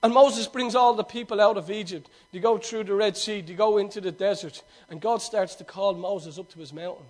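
A man pastor preaching an animated sermon, repeating himself and restarting, swelling at times to shouts. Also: high-pitched, brisk, few pauses.

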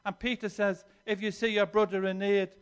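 High-voiced earnest male preacher. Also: little pitch movement, a little fast, smooth. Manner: earnest, swings between soft and emphatic, repeats words. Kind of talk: sermon.

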